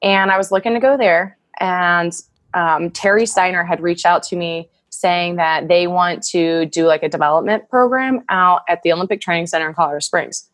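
A woman's voice: lowish voice, normal speed, fairly bright tone, no room sound. A woman in her thirties telling personal stories in a casual interview, emotional and full of fillers and laughter. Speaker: guest, wrestler.

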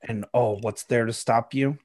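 A man's voice: mid-range voice, steady tone, a little slow, a little mellow, dry recording. A man narrating as game master of a tabletop game, playful and rambling, with frequent fillers.

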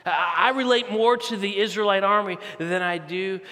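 A man preaching a sermon as a campus pastor, telling a story with animated, conversational asides in a large church auditorium. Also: high-pitched, normal speed. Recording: reverberant large hall.

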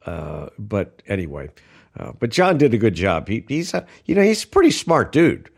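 A man's voice: lowish voice, wildly swooping pitch, moderate pace, vocal fry. A man co-hosting an aviation podcast, chatting casually and telling stories with many fillers and restarts. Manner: rambling storyteller, many fillers. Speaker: podcast co-host. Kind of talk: casual chat.

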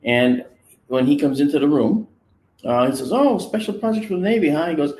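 A man casually telling a personal story in an animated way, acting out the voices of the people he quotes. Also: a little high, brisk, echoey room. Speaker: guest recounting a personal experience. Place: on location, indoors.

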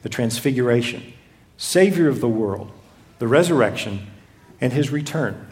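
A man's voice: medium pitch, lively intonation, moderate pace, a little mellow. A man preaching a sermon, reading scripture and retelling it expressively with dramatized voices. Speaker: pastor.

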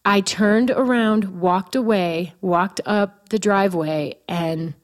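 Give me a woman in her forties with a clear, middle-pitched voice who tells a personal story in a relaxed, conversational way. She pokes fun at herself and laughs now and then, and she talks like a guest opening up on a chat show. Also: takes it slowly. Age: 40s. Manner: candid, self-mocking, laughs as she tells it.

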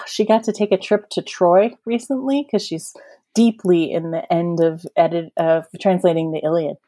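A woman guest author talking casually on a podcast, effusive and gushing, slowing down to savor her points. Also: fairly low pitch, fairly even intonation, dark tone. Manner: effusive, gushing, slows for emphasis.

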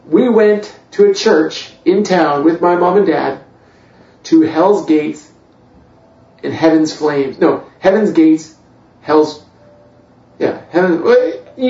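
A man's voice: a little high, darkish tone. A man from Canada, a church worship director, telling his faith story with humor, self-deprecating and full of fillers. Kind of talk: personal faith testimony. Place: church hall. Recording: echoey room, distant, dull mic.

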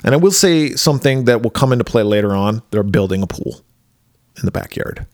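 A man co-hosting a podcast, chatting casually about a movie with profane jokes and lively storytelling. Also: medium pitch, a little fast, no room sound, studio quality. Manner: profane, joking, animated storytelling. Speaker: podcast co-host.

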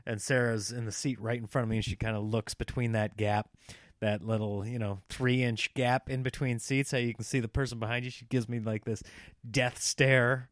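A man in his thirties telling a story in casual chat, animated and slipping into the voices of people in it. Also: medium pitch, moderate pace, dry recording, clean studio sound.

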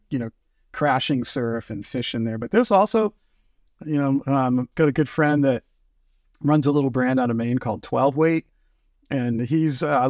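A man's voice: medium pitch, a little mellow, no echo, studio quality. A man telling fishing stories in casual chat, acting out quotes with lots of fillers. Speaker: fly fishing guest.

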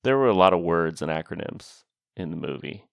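A man with a very low voice and a dry, teasing wit chats casually as a podcast co-host. His tone has a gravelly edge, and the recording is close and dry with no room sound. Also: lively intonation, brisk, dry recording, highs cut off. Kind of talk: casual chat about a film.

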